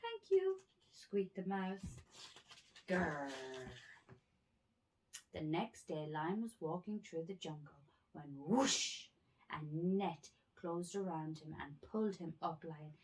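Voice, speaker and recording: A woman reading children's animal stories aloud at bedtime, gentle with small slips. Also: deep voice, takes it slowly.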